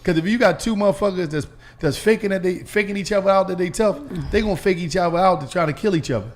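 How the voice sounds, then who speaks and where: A middle-aged man tells a story in casual chat. His voice sits fairly high for a man. He laughs often, curses freely and stumbles into quick repeats. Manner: animated, laughing, profane, stammering repeats.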